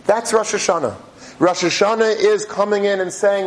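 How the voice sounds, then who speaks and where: A male religious teacher narrates a story during a sermon, pitched a little above the usual male range. He often breaks off and restarts his sentences as he gathers his thoughts, in a steady storytelling manner. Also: rough recording. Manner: halting, with frequent restarts.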